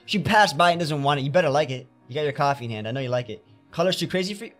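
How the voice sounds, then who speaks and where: A man's voice: on the high side, animated, racing, fairly bright tone. A man giving theatrical let's play commentary, talking to himself as he paints in a game, with faint game music behind him. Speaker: gamer playing a painting game.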